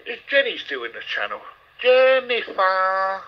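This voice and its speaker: A man's voice: on the high side, normal speed. A man in push-to-talk voice chat who speaks up indignantly and protectively. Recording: dull lo-fi voice app audio.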